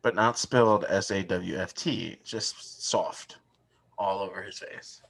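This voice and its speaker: A man's voice: low-pitched, takes it slowly, creaky, a bit bright, breathy edge. A man in his thirties co-hosting a podcast, telling family stories in a casual chat and laughing through them. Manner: laughing storyteller, acts out family quotes. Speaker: podcast co-host.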